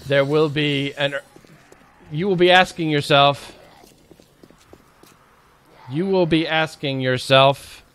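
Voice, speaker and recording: A man's voice: a little high, fairly even intonation, slow, pauses often, a bit bright, a little hiss or hum. A man giving jokey, casual commentary while livestreaming a survival game, bantering with his chat. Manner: playful, jokey, talks to chat and to the zombies. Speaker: game streamer. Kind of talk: casual live gameplay commentary.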